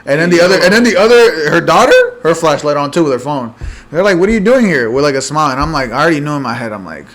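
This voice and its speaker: A young man on a podcast, telling an animated story with lots of swearing. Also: fairly high pitch, quick pace. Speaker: podcast co-host. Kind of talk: casual chat.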